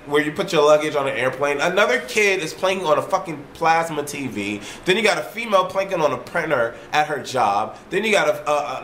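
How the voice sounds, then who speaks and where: A man vlogging in a casual, ranting monologue. He tells his story in an animated way, swears freely and repeats himself. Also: fairly high pitch, a little hiss or hum. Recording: roomy echo.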